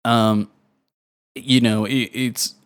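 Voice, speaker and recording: A man's voice: medium pitch, level tone, drawn-out words, clean tone. A man co-hosting a casual podcast, blunt and opinionated with loose, sweary talk. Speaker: podcast co-host.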